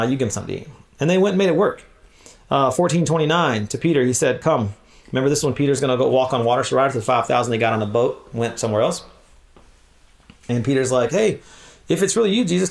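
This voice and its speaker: A man giving a lively conference talk on church leadership in a sermon-like style, acting out scripture quotes in changing voices. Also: mid-range voice, gravelly. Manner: animated, acts out scripture voices.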